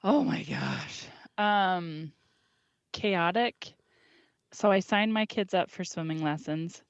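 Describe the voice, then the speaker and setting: A woman's voice: fairly low pitch, slow pace, smooth, dry recording. A woman in her thirties co-hosting a podcast, rambling frankly in casual chat. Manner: rambling, frank, laughs mid-sentence. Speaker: podcast co-host, working mom. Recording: dull lo-fi podcast audio.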